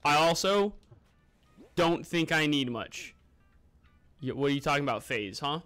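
Chatty male streamer with bright voice. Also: on the high side, expressive, a little slow. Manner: chatty, greets viewers by name, eats while talking. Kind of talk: casual live-stream chat. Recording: music playing underneath.

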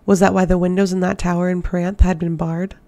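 A woman reading a fantasy novel aloud, keeping her delivery steady and level. Her voice is dark and mellow, with a gravelly texture. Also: on the low side, fast talker. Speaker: audiobook reader. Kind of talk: audiobook narration.

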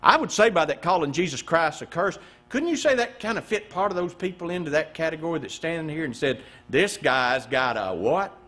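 Pastor preaching with sweeping pitch. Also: male voice, lively intonation, quick pace. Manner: preaching with swooping pitch, rhetorical questions and sudden hushed drops. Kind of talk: sermon.

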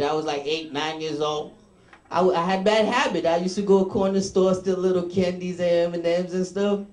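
A man's voice: fairly high pitch, a little mellow, reverberant. A man from Haiti doing a stand-up comedy set, chatty and loose, laughing at his own jokes.

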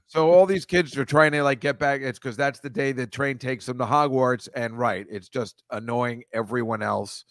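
A man hosting a comedy show, wandering from bit to bit with profane, sarcastic commentary. His voice sits at an average male pitch. The recording is close and dry. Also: fairly even intonation, normal speed, hardly any pauses, fairly bright tone, dry recording. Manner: rambling, profane, sarcastic asides. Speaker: comedy podcast host. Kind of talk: casual comic riffing.

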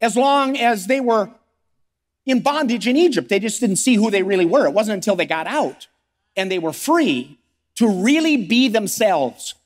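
A man's voice: high voice, lively intonation, moderate pace, big-room sound. A man preaching a sermon as pastor, firing off rhetorical questions and acting out the voices of struggling believers. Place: church sanctuary.

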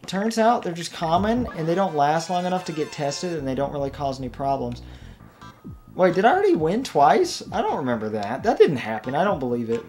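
A man's voice: a little high, sing-song, brisk, a little mellow. Rambling young man over game music. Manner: rambling, self-deprecating, laughs at own jokes. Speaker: let's play gamer. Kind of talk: casual gaming commentary. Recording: game music playing underneath.

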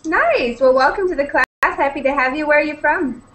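A woman's voice: high voice, fairly quick, fairly bright tone, rough recording. A young woman from British Columbia, cheerfully welcoming students one by one as an online English conversation teacher. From British Columbia, Canada. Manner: cheerful and welcoming, greets each student in turn. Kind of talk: upbeat online class chat.

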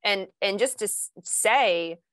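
A woman's voice: medium pitch, takes it slowly. A woman host talks earnestly and with animation, her voice sitting in a middle register. The sound is dry and close-miked, with no room echo. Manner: earnest, animated, acts out quoted patients. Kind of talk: casual interview talk.

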